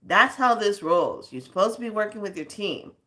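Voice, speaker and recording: A woman's voice: mid-range voice, animated, normal speed, pushed and bright. A woman hosting a spiritual video channel, scolding her viewers in casual talk, rambling off on tangents and laughing between stories.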